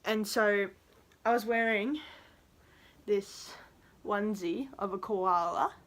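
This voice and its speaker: A young woman tells a storytime in a vlog. She rambles, laughs between phrases and fills pauses with "um" and "like". Her voice sits at a middle pitch for a woman. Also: fairly bright tone. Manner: rambling and giggly, full of fillers. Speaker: vlogger.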